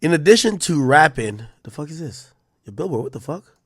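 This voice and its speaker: A man's voice: a little high, big pitch swings, fairly quick, fairly bright tone, slightly rough, no room sound, clean studio sound. A man streaming live, reading posts aloud and muttering his reactions to himself, rambling and swearing freely.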